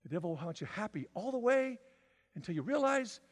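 A man preaching a sermon, swinging from loud, emphatic declarations to quiet, drawn-out lines. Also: high voice, very animated, long reverb tail. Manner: dramatic swings from shouting to near-whisper. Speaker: pastor.

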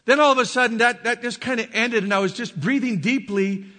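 Halting emotional preacher, high bright voice. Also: male voice, big-room sound. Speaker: pastor. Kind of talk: sermon testimony.

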